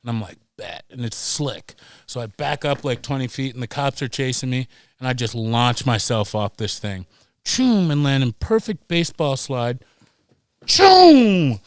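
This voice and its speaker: A middle-aged man telling stories as a podcast guest, animated and profane, acting out voices as he goes. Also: medium pitch, moderate pace, no echo, studio quality. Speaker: guest, pro snowboarder. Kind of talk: casual storytelling.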